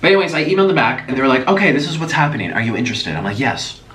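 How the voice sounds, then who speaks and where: A man vlogging as he eats, chatty and animated, breaking off with sudden gasps and exclamations. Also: medium pitch, rapid-fire. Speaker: mukbang vlogger. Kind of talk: casual chat while eating. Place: echoey room at home. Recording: echoey room, voice from a distance, faint noise.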